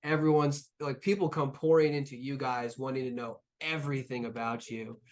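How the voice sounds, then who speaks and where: A man's voice: mid-range voice, fairly even intonation, normal speed. A man narrating as game master of a tabletop game, talking casually with lots of fillers and the odd swear word.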